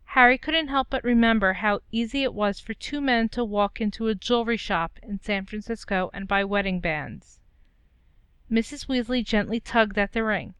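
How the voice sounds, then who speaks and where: Woman narrator reading fan fiction, very smooth, close and dry. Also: medium pitch, normal speed, a bit bright, no echo. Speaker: story reader.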